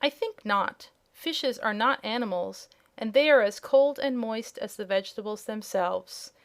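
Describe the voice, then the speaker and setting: A woman voicing a small, genial old wizard who admits to being a humbug, speaking in a measured, explaining way. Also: a little high. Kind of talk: audiobook character voice.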